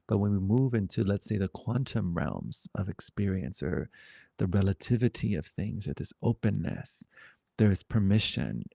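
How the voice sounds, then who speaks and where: Gravelly low-voiced man teaching satsang. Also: no echo, clean studio sound. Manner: reflective, gentle, wandering pauses. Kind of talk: spiritual dialogue.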